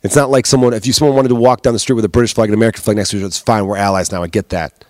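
A man's voice: lowish voice, fairly even intonation, rapid-fire, darkish tone, dry recording, studio quality. A man hosting his own podcast as a comedian, ranting casually and heatedly with plenty of swearing. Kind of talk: casual solo podcast rant.

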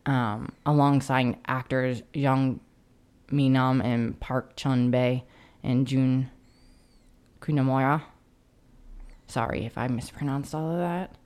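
A woman's voice: a bass voice, steady tone, slow pace, long pauses, darkish tone. A woman co-hosting a casual film podcast, hesitant, with many fillers and restarts, often reading quotes aloud. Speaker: podcast co-host.

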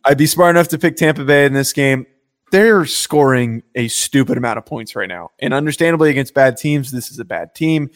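A man's voice: mid-range voice, expressive, fairly quick. A man co-hosting a casual sports podcast, blunt and emphatic, laughing easily while he argues his picks. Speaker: podcast co-host.

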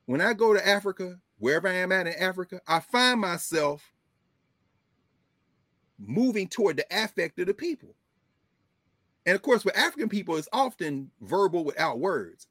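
A man with a fairly high, lively voice holds forth on politics, emphatic and folksy. His pitch rises and falls a lot as he talks. The sound is dry and close, with no room echo. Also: moderate pace. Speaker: political commentary host. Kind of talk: casual political commentary.

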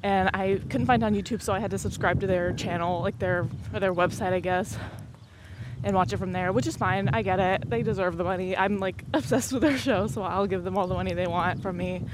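A woman's voice: medium pitch, fairly quick, noisy background. A young woman in her twenties hosting a podcast in a rambling casual chat, laughing often and a bit out of breath. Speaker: podcast host.

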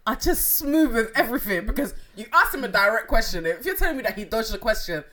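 A young woman co-hosting a casual true-crime chat, animated and laughing, acting out what others said. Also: on the high side, fast talker. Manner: animated, acts out quotes, laughs a lot. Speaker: podcast co-host.

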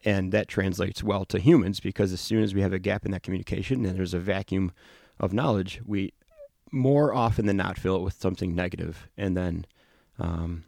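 A man's voice: sits low, creaky, darkish tone, no room sound, studio quality. A man hosting a podcast, chatting casually and telling stories with plenty of fillers and restarts. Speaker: podcast host, firefighter and lieutenant.

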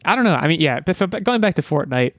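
A young man co-hosting a podcast in casual chat, rambling and breaking off mid-sentence into animated asides. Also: a little high, quick pace, no echo, studio quality. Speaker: podcast co-host.

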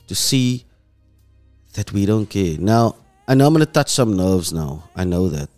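A man's voice: expressive, measured pace, faint music behind. Impassioned South African man. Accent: South African English. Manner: impassioned, voice drops low and soft when moved. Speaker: host. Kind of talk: emotional commentary monologue.

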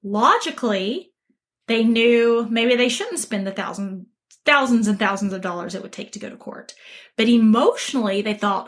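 A woman's voice: on the high side, animated, moderate pace. A woman coaching listeners in an earnest, emphatic talk, acting out the quoted voices of others. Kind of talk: motivational talk to camera.

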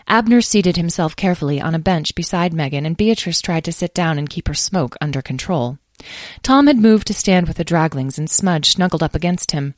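Low-voiced woman reading a storybook. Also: no room sound, clean studio sound. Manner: measured, expressive. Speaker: narrator. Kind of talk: audiobook narration.

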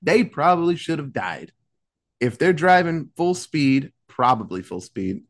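Casting note: young male podcast host, lively swooping delivery, profane, acts out characters mid-recap. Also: on the high side. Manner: animated, profane, acts out characters in quick asides. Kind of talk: casual storytelling recap.

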